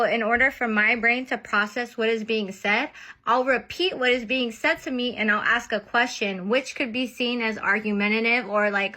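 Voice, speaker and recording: A woman's voice: fairly high pitch, bright, forceful tone. A young adult woman talking casually to camera in a reaction vlog, earnest and chatty, often stopping on filler phrases. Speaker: content creator.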